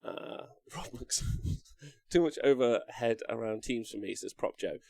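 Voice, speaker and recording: A man's voice: mid-range voice, unhurried, gravelly, darkish tone, no room sound. A man hosting a live stream, rambling casually through viewer comments and swearing now and then. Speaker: live-stream host reading chat.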